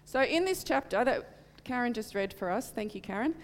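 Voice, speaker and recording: A woman's voice: fairly high pitch, animated, moderate pace, big-room sound. A middle-aged woman preaching in church, telling a personal testimony in an earnest, heartfelt way. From Australia. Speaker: church speaker.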